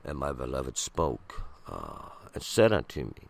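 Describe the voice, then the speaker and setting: A man with a very deep, gravelly voice reads scripture and then explains it. His delivery is slow and halting, with frequent pauses and restarts. The voice sounds husky rather than clear. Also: huge pitch swings, no room sound. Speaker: Bible commentator. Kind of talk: scripture reading with commentary.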